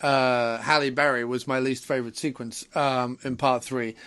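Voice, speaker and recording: A man hosting a casual podcast chat, sweary and animated, laughing often. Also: mid-range voice, moderate pace, clean tone, no room sound. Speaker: podcast host.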